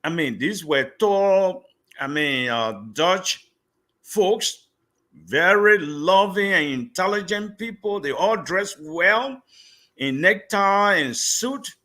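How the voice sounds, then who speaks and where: A man's voice: high voice, animated, slow pace, bright, forceful tone. A middle-aged pastor from Liberia, a guest telling his life story in an interview and animatedly acting out the dialogue he recalls.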